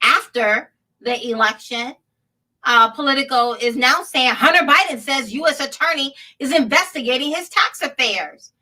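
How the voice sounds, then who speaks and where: A woman's voice: high voice, moderate pace, sharp tone, recorded from a distance, rough recording. A woman hosting a political commentary show, sarcastic and laughing often as she reads headlines aloud. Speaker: show host.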